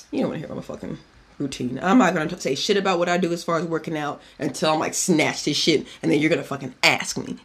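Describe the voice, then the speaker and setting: A man's voice: fairly high pitch, fairly bright tone, slightly rough. A man hosting a podcast in a casual chat, giving a cocktail recipe in a chatty, profane way and drifting off on tangents. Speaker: podcast host.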